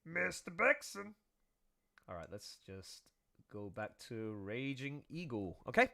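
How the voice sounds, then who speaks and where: A man's voice: medium pitch, big pitch swings, takes it slowly, gravelly, bright, forceful tone. A man chatting casually on a livestream, playful and rambling, laughing easily. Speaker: streaming artist. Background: music.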